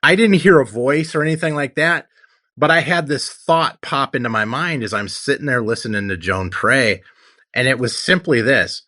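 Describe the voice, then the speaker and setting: Here a forties-aged tattoo artist recounts his personal story from the heart in an interview, re-enacting what he used to say. The voice is mid-range and sharp, delivered at a normal speed in an earnest storytelling style.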